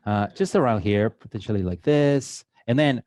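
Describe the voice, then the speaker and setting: In an event hall, a man with a Mexican accent runs a chatty, joking live drawing demo for the audience, full of "uh"s. His mid-range voice is a little mellow with lively intonation at a normal pace, recorded at studio quality with no echo.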